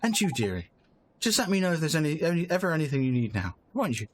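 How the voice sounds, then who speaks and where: A man voicing a kindly older woman shopkeeper who fusses and dotes gently. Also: a little high, sing-song, quick pace. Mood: fussing. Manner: doting, fussing, gentle.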